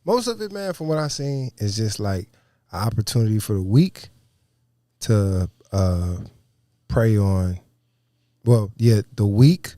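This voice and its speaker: Guy telling a story all fired up, talks fast in spurts, swears a lot, dry mic. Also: on the low side, dry recording. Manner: animated storyteller, quick bursts, swears freely, laughs while retelling. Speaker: podcast guest. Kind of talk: casual storytelling chat.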